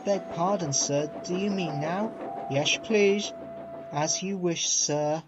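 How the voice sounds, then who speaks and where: A man's voice: high-pitched, slow, dull audio, music in the background, voice pushed up. A man voicing a cheerful, innocent little tank engine in a storybook reading, polite and grave.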